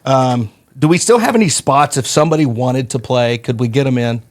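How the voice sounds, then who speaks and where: A man hosting a podcast, telling stories in a folksy, animated way. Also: mid-range voice, brisk. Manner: folksy, animated, acts out quoted voices. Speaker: podcast host. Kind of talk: casual storytelling chat.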